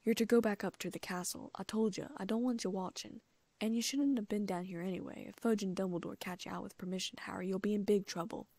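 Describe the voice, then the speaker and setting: A woman voicing a huge gruff half-giant gamekeeper in a storybook reading, rough, trembling and urgent. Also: medium pitch, steady tone, quick pace, darkish tone, no room sound, lightly acted.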